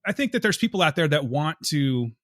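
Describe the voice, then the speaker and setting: A man co-hosting a casual podcast, talking quickly and earnestly, his voice slightly higher than most men's. He rambles and restarts as he works through his thoughts. The recording is dry and close. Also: very animated, a bit bright, no echo. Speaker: podcast co-host.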